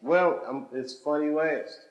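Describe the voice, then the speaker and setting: A man's voice: on the high side, measured pace. Man, casual joking banter, laughing often, echoey room, noisy background. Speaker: comedian. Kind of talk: casual chat with fans.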